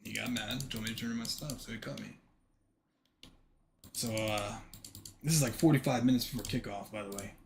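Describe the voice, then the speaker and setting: A man's voice: medium pitch, a little fast, vocal fry, pauses often, slight background noise. Man telling a story while gaming. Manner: animated, swears, acts out dialogue in quotes. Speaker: streamer. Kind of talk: casual storytelling on a game stream.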